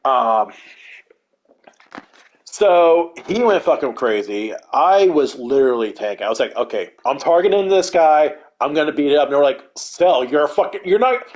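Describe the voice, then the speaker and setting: Man, casual gaming story, profane, animated, lively pitch. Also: normal speed. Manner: animated and profane, acts out what others said. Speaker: gamer telling a story.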